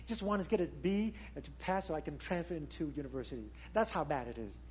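A man preaching a sermon in non-native English, emphatic and full of rhetorical questions, rising to loud high peaks and dropping to quiet low asides. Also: lively intonation, fast talker, breathy edge. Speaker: pastor.

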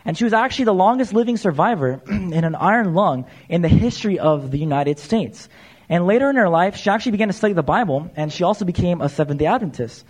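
A man's voice: high voice, animated, quick pace. A man preaching a sermon in a casual, conversational way, often saying "uh" and calling his listeners "you guys". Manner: conversational, frequent "uh" fillers, addresses crowd as "you guys". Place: church.

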